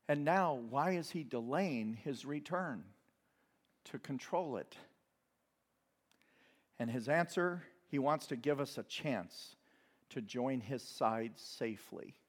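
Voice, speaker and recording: A man's voice: medium pitch, animated, takes it slowly, long pauses. A man preaching a sermon in a conversational way, with asides and light laughter. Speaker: pastor.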